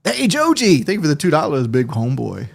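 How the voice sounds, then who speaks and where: A man's voice: fairly high pitch, huge pitch swings, fast talker, creaky. A man streaming a game, chatting casually in a rambling, profane way and often laughing. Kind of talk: casual livestream chat.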